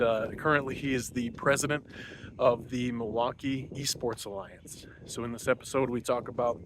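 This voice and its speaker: Male podcast host, casual rambling intro recorded while walking outside, slightly winded, faint background hiss. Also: mid-range voice. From Wisconsin. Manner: loose, rambling, many fillers. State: a little out of breath. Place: outdoors on a morning walk.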